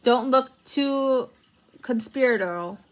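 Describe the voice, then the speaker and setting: A woman's voice: sits high, slow pace, voice pushed up. A level-headed male philosopher reasons things out in an explaining tone, as a woman reads him aloud. He speaks steadily and a little wordily, as in a storybook. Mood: reasoning.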